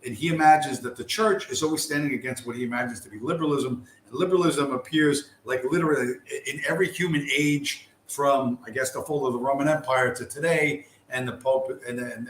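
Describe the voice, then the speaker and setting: A man's voice: mid-range voice, fairly even intonation, quick pace, hardly any pauses, a bit bright. A man hosting a casual livestream, talking in a rambling, profane way with many restarts. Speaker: livestream host. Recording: echoey room with faint background noise.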